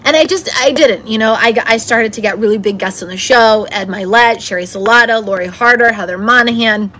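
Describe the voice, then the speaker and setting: Woman, podcast host, fairly high voice, chatty, upbeat, motivational. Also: a little fast, fairly bright tone, a little hiss or hum. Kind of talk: solo motivational podcast talk.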